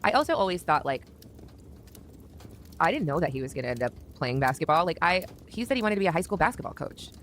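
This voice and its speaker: A woman's voice: low voice, very animated, fast talker, a little hiss or hum. A woman talking openly as an interview guest, rambling a little with many fillers. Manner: open, rambling with frequent fillers. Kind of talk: candid interview talk.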